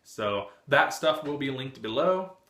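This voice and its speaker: A chatty young man in his twenties rambles casually about his reading life. His voice is bright and forward, and it bounces around an echoey room. He curses freely and laughs easily. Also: mid-range voice, lively intonation, unhurried, a little hiss or hum. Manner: chatty, frequent cursing and laughter. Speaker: book vlogger. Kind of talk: casual chat.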